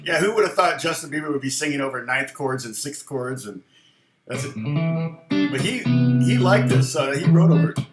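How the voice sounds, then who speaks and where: A man's voice: fairly high pitch, lively intonation, moderate pace, roomy sound. A man teaching guitar on a casual live stream, chatting with viewers in a self-deprecating way and laughing often.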